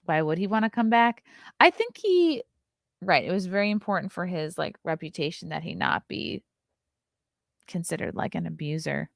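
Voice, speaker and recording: Her fairly low, creaky voice is expressive and moves at a normal speed as this young adult woman hosts a casual morning show podcast. Between news items she reads aloud, she throws in blunt, profane asides, all in clean studio sound with no room noise.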